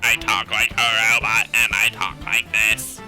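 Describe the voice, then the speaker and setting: A man putting on a slow, monotone computerized robot voice. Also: fairly low pitch, vocal fry, full character voice. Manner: slow, monotone, mechanical delivery. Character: flat-talking computerized robot voice. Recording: game music playing behind.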